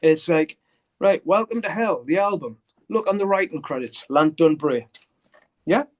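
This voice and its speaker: An older man with a fairly high speaking voice, talking over a video call. He tells his story bluntly and swears freely, acting out the lines of the people in it. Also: expressive, moderate pace. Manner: blunt, swears often, acts out quoted dialogue. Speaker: guitarist interviewee. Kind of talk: candid storytelling interview.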